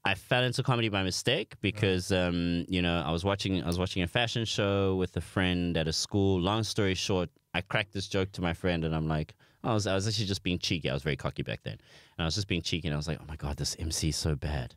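A man's voice: low-pitched, fast, no echo, studio quality. A young South African man with a South African accent, telling self-mocking stories as a comedy podcast guest. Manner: animated, self-mocking storyteller. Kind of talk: podcast storytelling.

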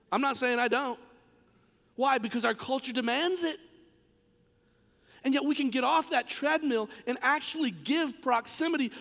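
Male pastor, impassioned sermon delivery, raspy-edged, reverberant sanctuary sound. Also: extremely high pitch, a bit bright. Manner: impassioned, emphatic preaching. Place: church sanctuary. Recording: long church reverb.

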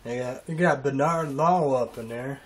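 A man rambling through a halting, emotional monologue in a casual vlog, trailing off and restarting often. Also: mid-range voice. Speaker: vlogger.

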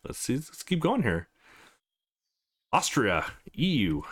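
A man's voice: mid-range voice, big pitch swings, slow pace, long pauses. A man hosting a let's play, casual and rambling with fillers as he plays. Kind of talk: casual gameplay commentary.

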